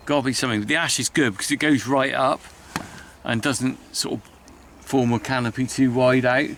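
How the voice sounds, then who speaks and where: A man's voice: mid-range voice, fairly bright tone, slight background noise. A middle-aged man, a farmer vlogging outdoors by his hedgerows, talking in a chatty, heartfelt, rambling way with sighs. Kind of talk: casual walk-and-talk vlog.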